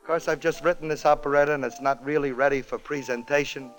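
A man's voice: fairly high pitch, fairly even intonation, fast talker, faint music behind, rough recording. A man hosting a comedy show, telling a comic story in a wry, joke-timed way. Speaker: comedy radio host.

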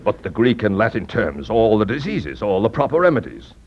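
A man's voice: fairly low pitch, very animated, a little fast. An actor playing a fussy older hypochondriac father who blusters and hesitates, in vintage stage-play style. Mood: hesitant. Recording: muffled lo-fi old recording with faint room hiss.

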